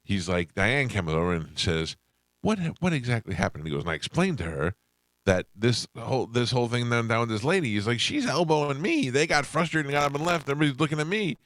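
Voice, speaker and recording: A radio host telling a story in casual chat, acting out the people in it. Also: male voice, medium pitch, fast, no room sound, studio quality. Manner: animated, acts out quoted voices.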